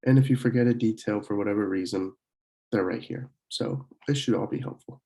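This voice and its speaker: Young male student teacher, dark mellow tone, low pitch, relaxed recorded lesson with fillers. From Pennsylvania, USA. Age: young adult. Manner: casual, many fillers, slow careful word demonstrations. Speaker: student French club teacher.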